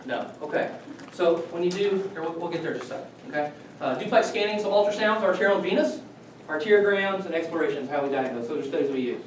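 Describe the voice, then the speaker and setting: A man's voice: on the high side, expressive, fast talker. A man teaching a class, conversational and checking in with "okay" often. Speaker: lecturer. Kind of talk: classroom lecture. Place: lecture classroom. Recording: echoey room from far off, faint noise.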